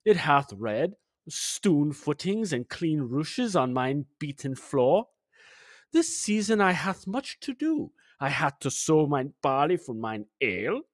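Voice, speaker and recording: A man's voice: on the high side, sing-song, takes it slowly, dry recording, clean studio sound. A man reading the message of a farmer from 1521 aloud in a put-on mock German accent, stumbling over the archaic wording. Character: English farmer man from 1521, old-fashioned, chatty.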